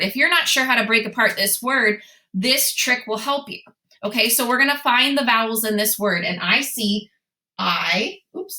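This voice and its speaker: A bright, lively young woman leads a children's phonics lesson, asking her class questions and answering them herself in an encouraging, sing-song voice. Her voice rings in an echoey room. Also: medium pitch. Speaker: teacher.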